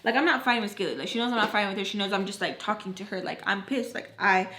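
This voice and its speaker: A young woman tells a personal story in a casual, animated way, swearing freely and acting out what people said. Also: mid-range voice, rapid-fire, a little hiss or hum. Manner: animated, profane, acts out quotes. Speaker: beauty vlogger telling a story. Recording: echoey room.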